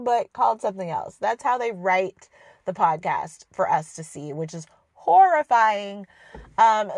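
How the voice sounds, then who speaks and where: A woman's voice: medium pitch, no echo, clean studio sound. A woman hosting a podcast, ranting sarcastically about a TV show with exasperated asides and laughs. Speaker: podcast host reviewing a TV show. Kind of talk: casual ranting review.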